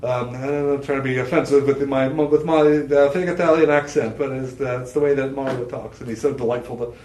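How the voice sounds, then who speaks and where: A man's voice: medium pitch, steady tone, a little fast, darkish tone. Chatty man selling jewelry, roomy sound. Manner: rambling and chatty, with self-interruptions and laughs. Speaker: shopping channel jewelry host. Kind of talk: live sales stream. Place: studio set with a TV screen behind.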